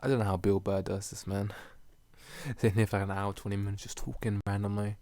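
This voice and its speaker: Young male podcast host, low gravelly voice, loose filler-heavy rambling. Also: level tone, fairly quick, darkish tone, no room sound. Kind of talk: casual rambling solo podcast.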